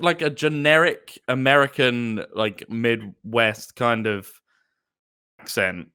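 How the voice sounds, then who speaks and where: A young man chatting as a podcast guest, animated and casual, and swearing freely. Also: medium pitch, slow, smooth. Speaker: guest, D&D player.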